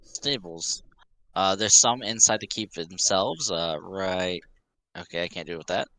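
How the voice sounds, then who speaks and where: A man serving as game master for an online tabletop game, relaxed and casually profane. His lowish voice has a bright, forceful edge and sounds dry and close to the mic. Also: unhurried, dry recording. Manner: laid-back, swears casually.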